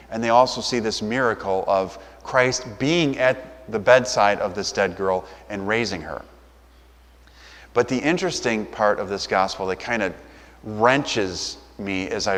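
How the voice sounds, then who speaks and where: A man's voice: on the low side, a bit bright. Conversational male pastor preaching in a reverberant church. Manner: conversational, acts out quoted voices. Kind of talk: sermon.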